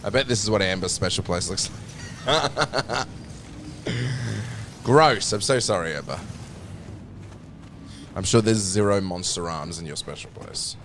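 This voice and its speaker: A man's voice: on the low side, unhurried, vocal fry, pauses often, fairly bright tone, slight background noise. A man streaming a game, chatting casually in a rambling, crude, jokey way.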